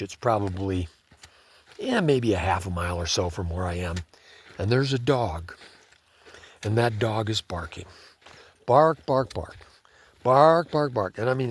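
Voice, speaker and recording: A man's voice: lowish voice, moderate pace, a little hiss or hum. A man telling a story in a laid-back, conversational way, often saying "man". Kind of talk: casual spoken storytelling.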